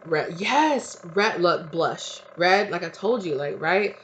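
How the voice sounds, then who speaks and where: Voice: medium pitch, unhurried, fairly bright tone. Casual tarot reader, rambling and giggly, muffled home recording with light hiss.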